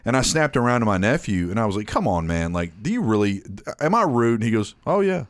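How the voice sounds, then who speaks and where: A man's voice: on the low side, very animated, fast, no room sound, clean studio sound. A man in his thirties, a podcast co-host, chatting casually in an irreverent, joking way and swearing freely. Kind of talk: casual chat.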